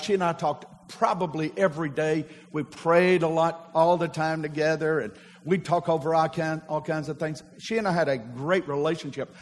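High-voiced pastor preaching in a reverberant church. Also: male voice. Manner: preaching with call-and-response to a congregation. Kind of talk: sermon. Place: church sanctuary. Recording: long hall reverb of a church.

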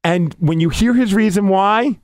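A man co-hosting a casual podcast, telling a story with animated, acted-out dialogue. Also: high voice, normal speed, no echo, studio quality. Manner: animated storytelling, acting out quoted lines.

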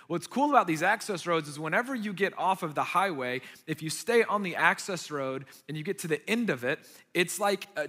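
A man preaching in a storytelling way, animated and shifting between quiet asides and loud outbursts. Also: on the high side. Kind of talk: storytelling sermon. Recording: echoey hall with long reverb.

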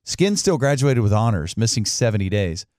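Animated man telling a story. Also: fairly low pitch, normal speed, no room sound, studio quality. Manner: animated storyteller, acts out family voices. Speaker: co-host. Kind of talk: casual sports chat.

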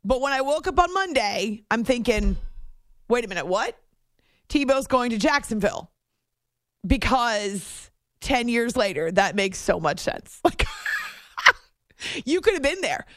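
A woman hosting a sports radio show, telling a story on air in a chatty, animated way that often breaks off mid-sentence. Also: a little high, measured pace, no room sound, clean studio sound. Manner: chatty, animated, self-interrupting. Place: radio studio. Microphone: studio microphone.

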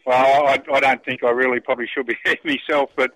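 An Australian man, a guest on a radio chat show, talking in a halting way with repeated words and frequent chuckles. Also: mid-range voice, level tone, a bit bright, no echo, rough recording. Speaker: phone-in guest, former footballer.

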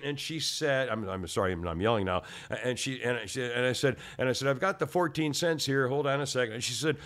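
Talking a little fast with hardly any pauses, this older, hard-of-hearing man has a mid-range, fairly bright voice. In casual chat, he tells a meandering story with frequent restarts, getting more and more worked up.

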